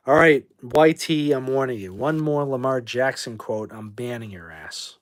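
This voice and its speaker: Blunt rambling man hosting a livestream. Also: medium pitch. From New England. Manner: blunt, rambling, quick to kick out trolls. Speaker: livestream host. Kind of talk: casual livestream chat reading viewer comments.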